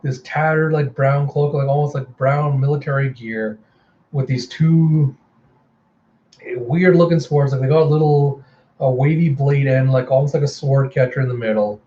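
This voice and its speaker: A man casually reading through a comic book, retelling the story in an animated way with lots of filler words. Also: medium pitch, normal speed, highs cut off, slight background noise. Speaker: comic reviewer. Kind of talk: casual comic readthrough with voices.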